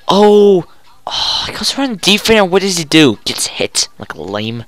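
A gamer giving goofy, excitable commentary while playing a hockey video game, groaning and yelling at each play. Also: medium pitch, measured pace, dry recording.

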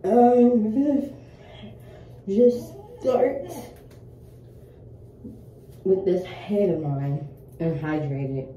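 A woman's voice: medium pitch, extremely slow, pauses often, dark tone, highs cut off, a little hiss or hum. A tired teenage girl chatting casually and profanely to her viewers while getting ready at home. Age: late teens. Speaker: vlogger. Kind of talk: casual get-ready-with-me chat. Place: indoors at home by a mirror. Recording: echoey room, faint ambience.

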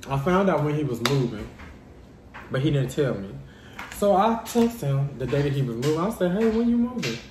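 A man telling a dramatic personal story to his vlog viewers in a lively, casual way. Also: on the high side, moderate pace, reverberant, noisy background. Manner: animated, dramatic storytelling addressing viewers as y'all. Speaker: vlogger.

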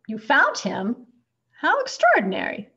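A woman's voice: medium pitch, sing-song, moderate pace, slightly rough. A woman voicing a kindly, composed male children's doctor with a comforting bedside manner, on a dull recording. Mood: soothing.

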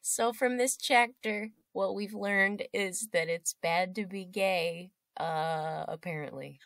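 A woman co-hosting a comedy reading, giggling often and teasing back with quick quips. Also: mid-range voice, a bit bright. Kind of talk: casual comedic banter.

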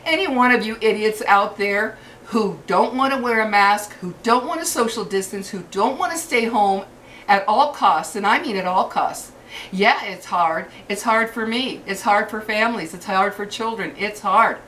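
A woman's voice: medium pitch, a bit bright. Furious older woman ranting, set back from the mic. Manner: furious, cursing, halting restarts. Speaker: vlogger. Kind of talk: angry rant to camera. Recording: distant mic with faint background hiss.

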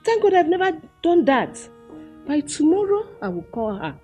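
A woman's voice: very high voice, very animated, normal speed, mellow, muffled recording. An actress with a Nigerian accent playing a persistent middle-aged mother who soothes and pleads with her daughter, with film music behind. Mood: coaxing. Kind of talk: Nollywood film acting.

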